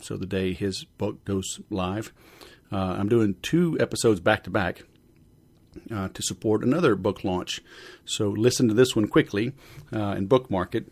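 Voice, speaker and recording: Male podcast host, deep-ish voice, rambling and jokey, dry sound. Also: dry recording. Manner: loose, rambling, joking, lots of fillers. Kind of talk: casual podcast chat.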